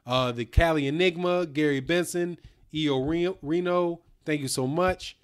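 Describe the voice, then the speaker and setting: A man's voice: fairly high pitch, moderate pace, clean tone. A man hosting a casual live stream, talking loosely in slang, reading out viewer comments and a little tipsy from whiskey.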